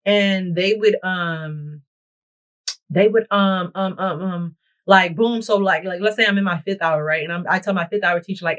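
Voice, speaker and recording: A woman's voice: fairly low pitch, moderate pace, fairly bright tone, rough recording. A young woman vlogger chatting a dramatic storytime straight to her viewers while she does her makeup. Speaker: beauty vlogger. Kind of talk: storytime chat while getting ready. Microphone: camera mic while doing her makeup.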